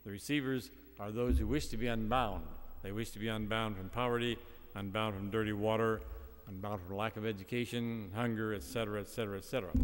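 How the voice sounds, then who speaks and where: A man's voice: on the low side, smooth. An older man preaching a folksy homily as a visiting speaker, telling stories with plenty of fillers, in a large church. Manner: folksy, storytelling, halting with fillers. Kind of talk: homily with a joke. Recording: long church reverb.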